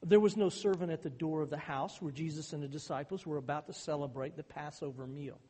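High-voiced pastor preaching in a hall. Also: male voice, brisk, warm tone, husky. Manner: emphatic, rising in intensity on key points. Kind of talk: sermon. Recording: hall reverb.

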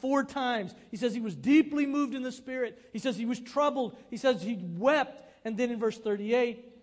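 A man preaching a sermon as pastor, expressive and acting out quoted lines. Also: very high voice, normal speed, long reverb tail.

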